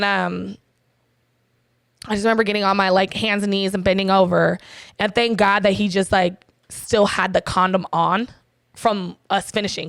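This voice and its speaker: A woman's voice: medium pitch, creaky, fairly bright tone, no room sound, studio quality. A young woman telling a personal story in casual, profane talk, quoting herself and others. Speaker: guest.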